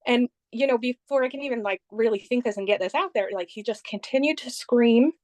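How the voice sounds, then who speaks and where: A woman being interviewed, telling the story of a trip in a lively conversational way and quoting what others said. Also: fairly high pitch, a little fast, no room sound. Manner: animated retelling, quoting others.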